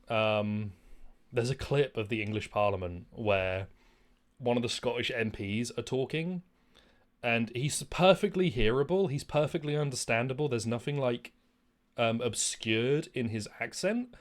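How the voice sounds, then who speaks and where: A man's voice: mid-range voice, moderate pace. A man streaming a game and chatting casually, rambling and swearing freely. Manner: rambling, profane, animated. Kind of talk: casual gaming commentary.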